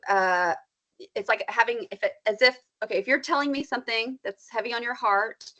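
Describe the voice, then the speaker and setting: Woman counselor explaining, slightly muffled. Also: mid-range voice. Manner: explanatory, warm teaching tone with fillers and quick role-play asides. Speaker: counselor guest. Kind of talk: podcast conversation.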